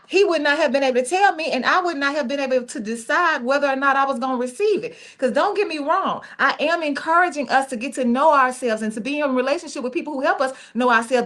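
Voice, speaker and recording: A middle-aged woman co-hosts a talk radio show and tells a personal story. Her voice sits a little on the high side. She speaks candidly and folksily and laughs often as she goes. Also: fairly bright tone. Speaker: radio co-host.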